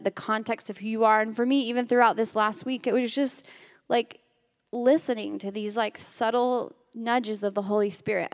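Woman preacher, higher voice, chatty sermon full of "like," talks straight to the room; long hall reverb. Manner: casual, filled with "like", addresses the room directly. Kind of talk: conversational sermon. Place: room with a gathered group.

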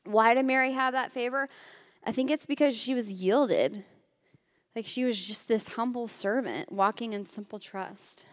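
A woman's voice: a little high, normal speed, in a large hall. A woman preaching a casual, conversational sermon to a gathered group, speaking directly to the room and leaning often on "like.".

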